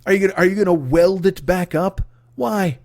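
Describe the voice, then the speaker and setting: A man's voice: high voice, brisk, darkish tone, dry recording, clean studio sound. A man in his forties hosting a comedy podcast, ranting in a sweary, exasperated, rambling way. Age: 40s. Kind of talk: profane comedic rant.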